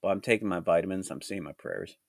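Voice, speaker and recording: Guy with a cold, really low groggy voice, rambling on his podcast, dry close mic. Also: quick pace, vocal fry, no echo. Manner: rambling, reflective, with restarts. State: hoarse from a cold. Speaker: podcast host. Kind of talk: solo podcast chat. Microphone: studio mic.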